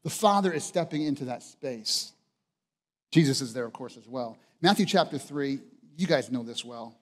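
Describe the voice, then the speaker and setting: A man's voice: medium pitch, lively intonation, moderate pace, long reverb tail. A man preaching a sermon as pastor, passionate and emphatic, driving points home with repeated phrases.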